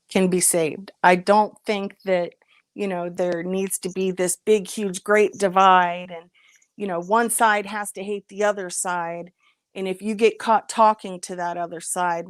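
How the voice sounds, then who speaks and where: A woman in her thirties talks in an earnest, exasperated way on a livestream, breaking off to greet viewers by name. Her voice sits at an ordinary pitch. The recording is dry and close, with no room sound. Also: no echo. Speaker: livestream host. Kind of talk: casual livestream chat.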